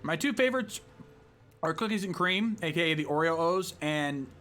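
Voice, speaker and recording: High, bright-voiced man chatting with viewers. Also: lively intonation, a little fast. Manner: rambling, loose, full of fillers and restarts. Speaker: livestream host. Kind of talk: casual chat with viewers. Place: home streaming setup with green screen.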